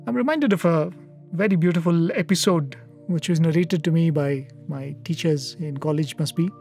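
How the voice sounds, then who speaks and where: A man giving a devotional storytelling talk, earnest and reflective, with soft hesitations. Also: on the high side, normal speed, faint music behind. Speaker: satsang speaker.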